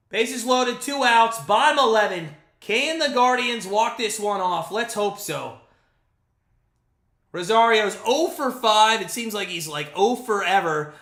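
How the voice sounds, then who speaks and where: Guy in his late 30s calling baseball on stream, bit out of breath, high bright voice, echoey. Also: unhurried. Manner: excitable, swings between hyped calls and grumbling. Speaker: live stream play-by-play host. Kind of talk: live fan play-by-play reaction stream.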